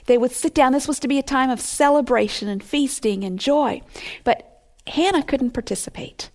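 A middle-aged woman giving earnest, expressive Bible teaching, sometimes dropping to a hush. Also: high voice, normal speed.

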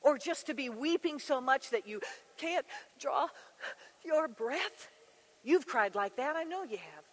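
A woman teaching a women's Bible study, speaking in a conversational, animated way and acting out scripture scenes. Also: high-pitched, a little slow. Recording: long reverb of a large hall.

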